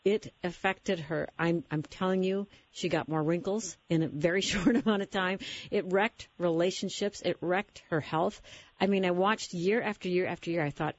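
A woman with a low, husky voice hosts a faith-based radio conversation. She talks earnestly and thoughtfully, drawing her guest out. The sound is a little dull and lo-fi. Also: moderate pace, dry recording. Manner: earnest, reflective, affirming. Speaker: radio talk show host. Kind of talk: conversational Christian radio interview.

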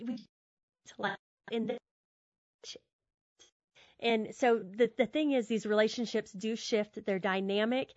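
A woman with a slightly high voice talks earnestly in a casual, conversational teaching style, often circling back and repeating words as she works out her thought. The audio is dull and very dry. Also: no echo. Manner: warm, earnest, repeats words while thinking. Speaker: guest speaker on friendship.

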